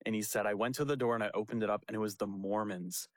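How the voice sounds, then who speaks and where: A man's voice: lowish voice, fast, no room sound. A young man, a pastor, telling a story in casual chat and acting out the quotes with laughs. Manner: animated, laughing storyteller who acts out quotes.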